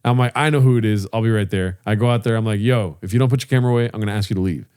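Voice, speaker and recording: A man's voice: on the low side, rapid-fire, a little mellow, clear, resonant tone. A man co-hosting a podcast, telling loose, profane stories and acting out the people in them. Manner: loose, profane, acts out voices in his stories. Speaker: podcast co-host. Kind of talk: casual storytelling chat.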